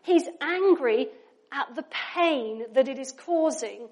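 A woman's voice: high-pitched, lively intonation, slow pace, a little mellow. A woman preaching a sermon in a chatty, conversational way, often asking her listeners questions.

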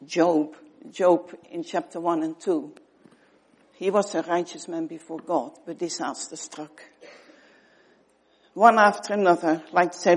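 A woman preaching an earnest sermon, pausing often and dropping to soft tones for emphasis. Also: fairly low pitch, slightly rough.

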